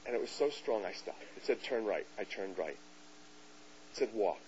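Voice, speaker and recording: A man giving a lecture to an audience, telling a story in an animated way and acting out the voices of people he quotes. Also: fairly low pitch, unhurried. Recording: dull hissy lecture recording.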